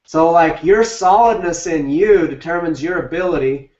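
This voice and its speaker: A man's voice: a little high, moderate pace, darkish tone, echoey room. A male relationship coach giving a live talk on a group call, blunt and emphatic with casual swearing. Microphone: video call. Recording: distant, dull lo-fi call audio.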